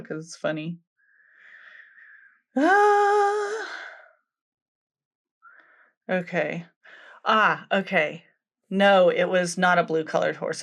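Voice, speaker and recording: A woman co-hosting a podcast, casually retelling a folktale in a chatty, filler-heavy way, laughing often and acting out the quotes. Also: low voice. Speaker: podcast co-host. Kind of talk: casual storytelling chat.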